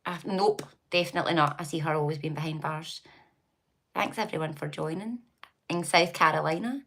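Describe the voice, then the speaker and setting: A woman's voice: deep voice, fairly quick, fairly bright tone. A Scottish woman hosting a casual livestream, chatting and gossiping with viewers, greeting them by name and laughing often. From Scotland. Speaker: livestream host reading comments. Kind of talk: casual live chat.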